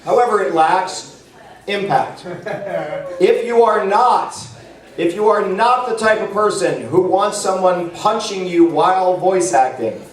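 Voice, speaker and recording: A man presenting on a convention panel talks casually to the live audience, wandering through fillers and restarts. His voice sits high and he takes it slowly. It's recorded in an echoey room from a far-off mic.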